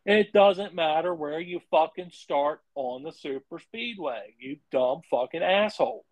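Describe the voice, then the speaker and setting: A young adult man co-hosting a casual podcast about racing, blunt and quick to swear when worked up. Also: fairly high pitch, dry recording, rough recording. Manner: profane, blunt and excitable. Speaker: podcast co-host.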